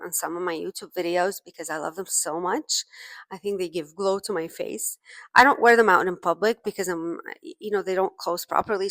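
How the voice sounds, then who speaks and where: Chatty self-deprecating mom vlogger. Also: female voice, mid-range voice, fairly bright tone, dry recording. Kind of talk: casual storytelling to camera. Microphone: phone camera.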